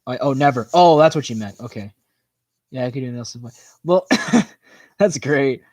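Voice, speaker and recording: A man hosting a livestream in a casual, rambling chat, filling his talk with "like" and "you know" as his voice tires and goes hoarse. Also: medium pitch, a little mellow, dry recording. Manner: rambling, full of "like" and "you know", quick laughs. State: voice tiring and hoarse. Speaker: livestream host. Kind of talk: casual chat reacting to viewer comments.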